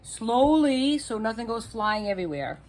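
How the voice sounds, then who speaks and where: A woman's voice: on the high side, lively intonation, moderate pace, a little mellow, a little hiss or hum. A woman with a New England accent, hosting a cooking video in her home kitchen, chatty and playful as she talks to viewers like friends. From Massachusetts, USA. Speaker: cooking channel host. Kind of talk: casual cooking demonstration.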